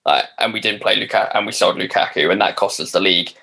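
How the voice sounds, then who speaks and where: A man co-hosting a football podcast, speaking in a flat monotone. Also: low-pitched, fast talker, gravelly, slightly rough. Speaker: podcast co-host. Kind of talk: casual football podcast chat.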